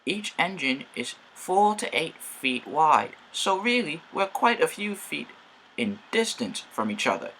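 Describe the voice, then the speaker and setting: A man voicing an excitable, cheeky male steam engine in a fan-made story. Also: on the high side, measured pace, slight background noise, voice pushed up, full character voice, low-quality recording. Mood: eager. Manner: excitable, boastful.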